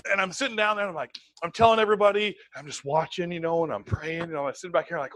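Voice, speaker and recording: A middle-aged man giving an energetic sales training talk, acting out voices and dropping into whispers. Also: high voice, quick pace, no echo. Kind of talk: motivational seminar talk.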